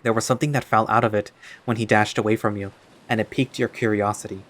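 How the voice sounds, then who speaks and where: A man's voice: fairly low pitch, flat delivery, quick pace. Man narrating a story in second person.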